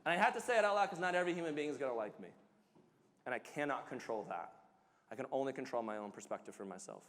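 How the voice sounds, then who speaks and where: A man's voice: medium pitch, animated, fast talker, fairly bright tone, in a large hall. A man, a pastor, giving a sermon in a conversational, emphatic way, joking about himself. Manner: emphatic, conversational preaching with self-deprecating humor.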